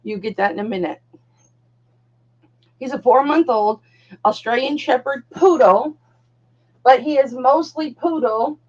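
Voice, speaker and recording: A woman's voice: high-pitched, a bit bright, lo-fi sound. An older woman hosting a live jewelry auction stream from home, chatting casually and cooing at her puppy. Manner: chatty, talks baby-talk to her puppy. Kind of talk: casual livestream chat.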